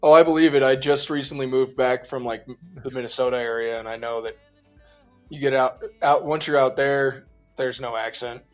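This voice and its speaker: Male interview guest, relaxed and easygoing, mid-pitched voice, faint music underneath. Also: normal speed, muffled recording. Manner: relaxed, easygoing, laughs along. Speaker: interview guest, group organizer. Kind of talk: casual interview conversation.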